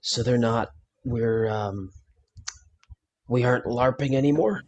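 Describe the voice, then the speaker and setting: A man's voice: mid-range voice, slow, a little mellow, muffled recording. A man playing a tabletop role-playing game, chatting casually and bantering in a laid-back way. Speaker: player.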